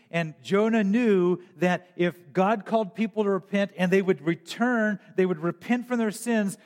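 A man preaching a sermon as pastor, with emphatic rises and frequent throat clearing. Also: high voice, long reverb tail.

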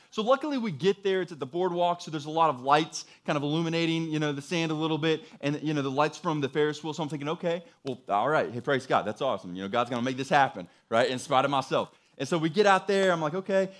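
A young adult pastor with a fairly high, slightly bright voice preaches by telling a personal story in a laid-back way. He fills it with asides and rhetorical questions, saying "dude" and "right?" a lot.

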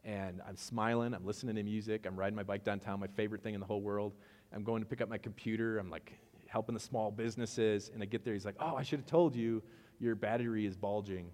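A man preaching a casual sermon as pastor, telling personal stories and acting out both sides of conversations with lively ups and downs. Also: fairly low pitch, fast talker, big-room sound. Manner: animated storytelling, acts out both sides of conversations.

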